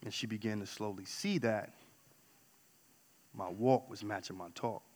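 A man sharing a personal faith testimony in an earnest storytelling way, dropping to a hush and then rising to loud excitement. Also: lowish voice, a little slow, long reverb tail. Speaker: church member sharing his testimony.

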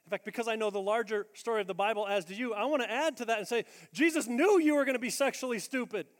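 A man preaching a sermon as pastor, blunt and energetic, swinging between loud emphatic lines and hushed quiet ones. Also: very high voice, fast. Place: large church auditorium. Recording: long reverb of a large hall.

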